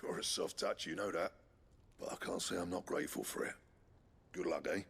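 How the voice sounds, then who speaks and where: An actor playing a blunt, sweary middle-aged blacksmith who grumbles and mutters in a gravelly voice. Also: male voice, sits low, steady tone, a little fast, fairly bright tone, heavily acted.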